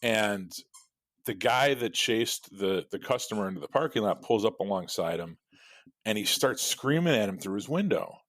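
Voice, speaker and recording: Low, lively, profane storytelling man. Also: moderate pace, dry recording. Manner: rambling, profane storytelling with frequent laughs. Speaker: podcast co-host. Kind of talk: casual chat.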